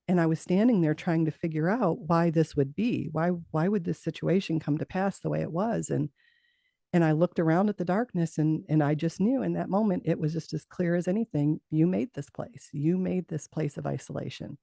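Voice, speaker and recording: A middle-aged woman recounting her own experience as an interview guest, her voice mellow and edged with gravelly fry. She speaks earnestly, laughs often and stumbles over repeated words. The sound is close and dry. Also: low-pitched, moderate pace, no echo. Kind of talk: personal storytelling in an interview.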